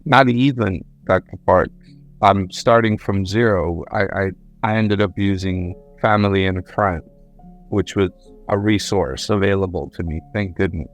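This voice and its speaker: A man's voice: deep voice, steady tone, unhurried, soft background music. A man telling how a deal went wrong, in a rambling way that repeats and corrects himself. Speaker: guest, government contractor. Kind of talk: conversational storytelling.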